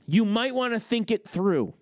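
In a clean studio recording without room sound, a man with a high, expressive voice speaks at a moderate pace. He's hosting a trucking business show, ranting on a livestream and combatively posing rhetorical questions.

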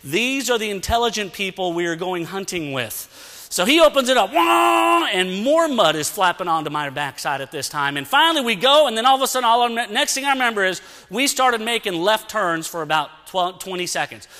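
Animated high-voiced preacher in a reverberant church. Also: male voice, a little fast. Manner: animated, acts out sounds and dialogue. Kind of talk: storytelling sermon. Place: church sanctuary. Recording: long church-hall reverb.

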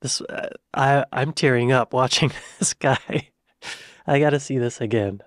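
A man's voice: medium pitch, unhurried, no room sound, studio quality. A young American man hosting a reaction video, talking casually and exclaiming often as he watches. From United States. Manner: excitable, exclaiming, laughs easily.

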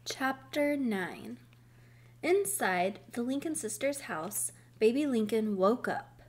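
A woman reading a children's book aloud, slow, careful and expressive. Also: on the high side, slightly rough. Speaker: storybook reader.

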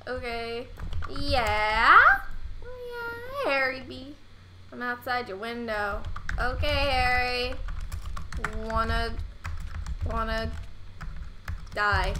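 Teen girl gamer, high bright voice, rambly casual commentary with sudden loud outbursts, faint typing behind. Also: extremely slow, long pauses, noisy background. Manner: chatty, rambling, bursts of loud excitement. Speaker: gaming YouTuber. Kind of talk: casual let's play commentary.

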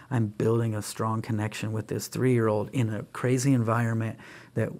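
A man who is a guest on an interview podcast, talking with energy and acting out bits of dialogue as he tells stories about his kids. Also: mid-range voice. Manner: animated storyteller who acts out dialogue in voices; energetic, emphatic, with frequent restarts. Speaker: guest speaker and author.

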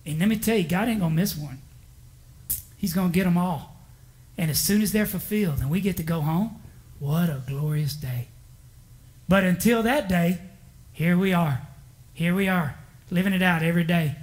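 High-pitched preacher, folksy and emphatic. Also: male voice, moderate pace, pauses often, a little mellow. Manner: folksy, emphatic preaching with repetition and small chuckles. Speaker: pastor. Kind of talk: sermon. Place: church.

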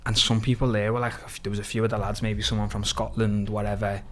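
A man from Liverpool with a Scouse accent, a podcast guest lively retelling his story with quoted dialogue and plenty of swearing. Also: on the low side, a little fast. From Liverpool, England. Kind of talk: casual storytelling interview.

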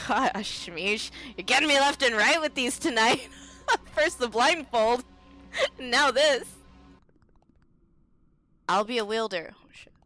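A woman's voice: on the high side, expressive, slow pace, pauses often, bright, forceful tone, soft background music. A woman streaming a game in casual chat, giggling often and swapping swears for silly stand-in words.

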